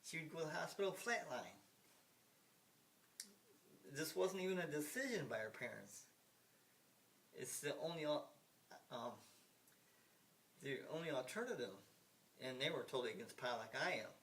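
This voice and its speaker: An American vlogger in his sixties rambles through a casual monologue, repeating himself for emphasis, restarting often and dropping the odd swear word. His fairly high, expressive voice is a bit bright, at normal speed with long pauses. The audio is hissy and picked up from some distance off the mic.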